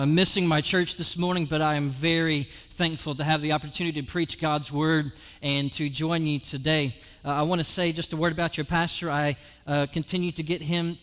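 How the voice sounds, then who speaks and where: High bright-voiced preacher in a reverberant hall. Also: male voice, smooth. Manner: storytelling, builds to raised emphatic delivery. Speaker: guest preacher. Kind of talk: sermon with personal story. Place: church sanctuary.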